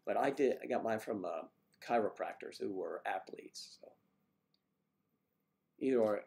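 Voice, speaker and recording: An older man hosting a casual livestream, chatting warmly with viewers by name and rambling through stories. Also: on the low side, moderate pace, vocal fry. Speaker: livestream host reading viewer comments. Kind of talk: casual chat.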